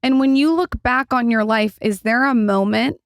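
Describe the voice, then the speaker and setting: A woman's voice: a little high, normal speed, dry recording, studio quality. A woman hosting a podcast, asking curious, encouraging questions in a casual chat. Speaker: podcast host. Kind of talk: casual interview. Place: podcast studio.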